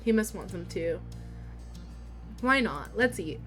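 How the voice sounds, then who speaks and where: A young woman on a livestream reads a story game aloud, her pitch sitting in a middle register. She giggles and curses between passages. Faint game music plays softly beneath her desk-mic voice. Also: slow pace. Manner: giggly, swears, reads dialogue in a quieter steady voice. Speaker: streamer.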